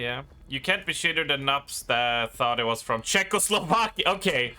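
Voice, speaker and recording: A man with a Swedish accent, a gaming streamer chatting casually on stream in a rambling, self-deprecating way with halting restarts. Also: mid-range voice, lively intonation, sharp tone. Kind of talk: casual live-stream chat.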